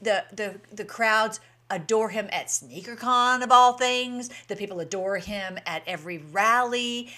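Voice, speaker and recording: A woman's voice: medium pitch, fairly bright tone. A woman hosting a casual commentary video, chatty and rambling, often restarting her sentences.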